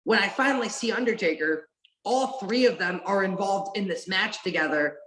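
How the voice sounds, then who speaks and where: A woman guest on a podcast, telling wrestling memories in an excited, rambling way and swearing now and then. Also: medium pitch, normal speed. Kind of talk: casual podcast chat. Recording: roomy echo.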